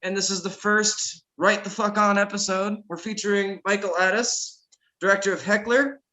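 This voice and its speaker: A brash man hosting a podcast, joking and swearing through casual chat. His voice sits high and sounds bright and forceful. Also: fairly even intonation, normal speed. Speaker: podcast host.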